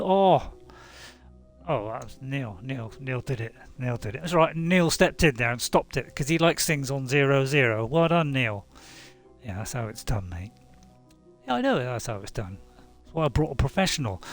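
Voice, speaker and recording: Middle-aged male host, chatty gameplay commentary, lively pitch, gravelly. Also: moderate pace, soft background music. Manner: rambling, chatty, chuckling asides. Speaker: gaming channel host.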